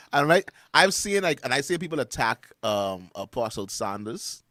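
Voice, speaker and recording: A man's voice: medium pitch, sing-song, a little slow, bright, forceful tone, dry recording. A man co-hosting a morning radio talk show, rambling about church with frequent laughs and restarts. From Bahamas. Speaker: radio co-host. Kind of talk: casual chat about faith. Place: radio studio.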